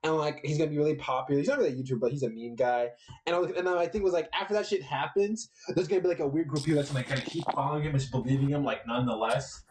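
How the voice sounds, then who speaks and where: A man's voice: a little high, racing, a little mellow. Man rambling in casual podcast chat. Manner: rambling, swears freely, many fillers. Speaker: podcast co-host.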